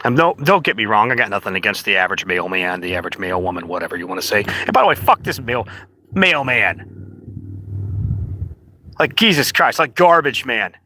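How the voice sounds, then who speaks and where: A man's voice: fairly low pitch, big pitch swings, a little fast, sharp tone, slight background noise. A man ranting casually to the camera in a profane, rambling, indignant way. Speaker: vlogger.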